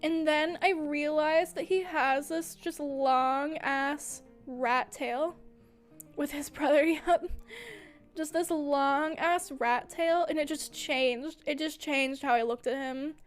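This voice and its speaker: A young woman with a high, bright-sounding voice talks slowly and gushingly on a livestream, breaking into giggles mid-sentence. Faint music plays softly behind her. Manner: gushing, filler-heavy. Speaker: streamer. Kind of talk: casual livestream chat.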